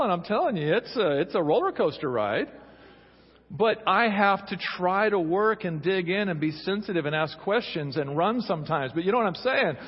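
A man's voice: high voice, slightly rough. A middle-aged male pastor preaching a sermon in a conversational, humorous way, acting out little quotes. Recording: dull recording with long hall reverb.

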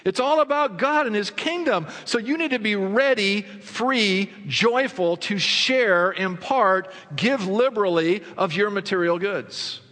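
A man with a somewhat high voice delivers a sermon, putting questions to the congregation and answering them himself. His voice rings out with a long hall reverb, climbing high in fervent passages and dropping low in quiet ones. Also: unhurried, few pauses. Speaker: pastor.

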